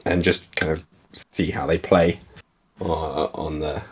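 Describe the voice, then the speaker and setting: A man co-hosting a casual livestream chat, talking in a relaxed, chatty way with fillers. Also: very deep voice, slow, breathy edge. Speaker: co-host.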